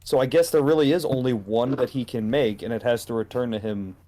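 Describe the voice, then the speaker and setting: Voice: mid-range voice, fairly quick, mellow. A podcast co-host in casual chat about a manga chapter, pointing out small details and theories with an easy, jokey manner.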